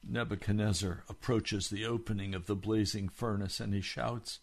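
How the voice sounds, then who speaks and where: A man's voice: fairly low pitch, fairly even intonation, moderate pace, creaky, hardly any pauses. A middle-aged man, a pastor, preaching a sermon with fervent rhetorical questions to his listeners.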